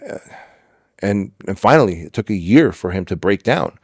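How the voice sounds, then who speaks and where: Deep and darkish, this middle-aged man's voice is animated at a moderate pace, captured with studio quality and no room sound. As a podcast guest in a candid interview, he tells personal stories with emphasis, performs dialogue, and swears now and then.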